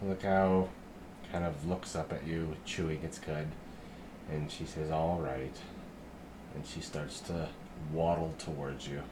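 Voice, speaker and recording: A man with a very low voice narrates a tabletop game as its game master. He speaks slowly and in a low-key way, with a faint background hiss. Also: level tone.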